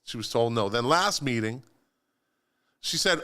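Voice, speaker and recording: A man co-hosting a political chat show from a studio, telling the story in an animated, sarcastic way. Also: medium pitch, unhurried, long pauses. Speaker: co-host of a local politics livestream. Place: radio studio.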